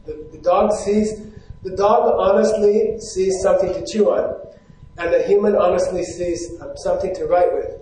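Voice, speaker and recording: A man with a high voice teaches from a stage in a large hall, and the sound rings heavily off the walls. He talks in a loose, conversational way. He keeps asking his listeners questions and checking that they follow. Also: fairly even intonation, moderate pace, mellow. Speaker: Buddhist teacher. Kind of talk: teaching talk to a live audience. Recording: very echoey hall.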